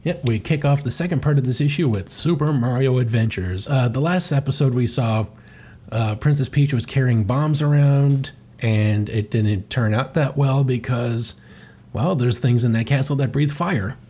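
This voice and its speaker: A man's voice: medium pitch, moderate pace, a little mellow, slightly rough. A man co-hosting a podcast, recapping a comic with wry jokes. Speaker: podcast co-host.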